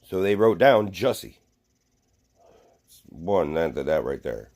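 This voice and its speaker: Man, low mellow voice, rambling casual rant, profane, lots of fillers. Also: creaky. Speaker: vlogger.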